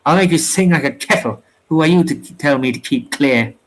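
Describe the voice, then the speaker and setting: A man reading aloud, voicing a quarrelsome, boastful sailor who hurls colorful insults in rough sailor's slang. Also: medium pitch, moderate pace, a bit bright, lightly acted, low-quality recording. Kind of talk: storybook reading.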